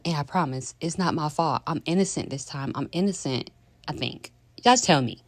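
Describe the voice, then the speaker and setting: A woman's voice: low-pitched, normal speed, heavy background noise. A woman, telling a dramatic storytime in slangy casual chat. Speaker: vlogger.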